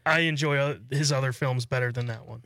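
A man's voice: medium pitch, fairly quick, fairly bright tone, no room sound. A man co-hosting a casual radio talk show in an easygoing way, often laughing.

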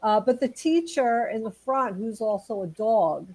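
A woman's voice: a little high, lively intonation, a little slow, darkish tone, husky, dry recording, rough recording. A woman co-hosting a casual chat show, telling light stories in a chatty, giggly way. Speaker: podcast co-host.

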